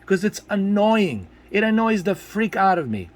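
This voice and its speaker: A man with a high-pitched voice ranting at his audience in a video commentary. His pitch swings widely as he scolds, exasperated, and hammers his points by repeating them. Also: big pitch swings, moderate pace. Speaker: tech video creator.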